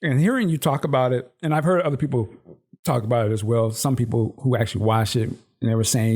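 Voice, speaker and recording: Male co-host, laid-back casual chat, thoughtful. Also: medium pitch. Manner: relaxed, thoughtful, measured opinions with slang. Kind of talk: casual movie review chat.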